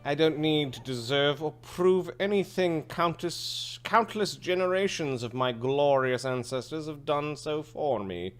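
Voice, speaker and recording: A man's voice: fairly high pitch, lively intonation, unhurried, few pauses, voice pushed up. A man voicing a haughty, arrogant male noble baron, with a pompous, drawling delivery.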